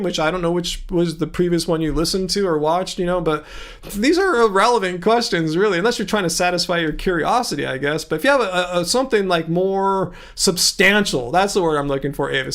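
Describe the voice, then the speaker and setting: Laid-back southern california guy rambling on a livestream, kinda high voice, laughs a lot. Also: a bit bright. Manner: chatty, rambling, laughs easily. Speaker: livestream host. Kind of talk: casual livestream chat.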